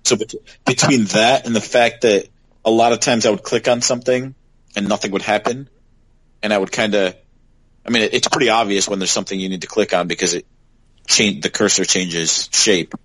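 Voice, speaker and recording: A man's voice: fairly low pitch, steady tone, brisk, fairly bright tone, no echo, low-quality recording. A man co-hosting a podcast in casual chat, talking thoughtfully and asking reflective questions. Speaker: podcast co-host.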